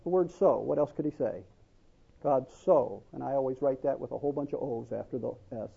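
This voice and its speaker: A man's voice: mid-range voice, a little fast, vocal fry, husky, phone-quality sound. A male pastor preaching a sermon, asking the congregation questions and drawing out scripture quotes for emphasis.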